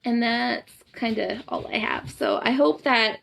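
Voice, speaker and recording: Blunt, profane woman with a gravelly edge. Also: fairly high pitch, measured pace, fairly bright tone. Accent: Southern US. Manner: blunt, profane, ranting, emphatic. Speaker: boudoir photographer and empowerment coach. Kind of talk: casual live-stream pep talk.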